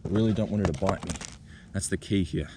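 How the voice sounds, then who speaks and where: Aussie guy filming wildlife in the bush, low voice, soft coaxing and excited, bit of faint outdoor hiss. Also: brisk. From Australia. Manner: excited, gentle, coaxing, thinking aloud. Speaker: nature vlogger. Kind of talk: outdoor wildlife vlog, talking to camera. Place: outdoors in a bushland reserve.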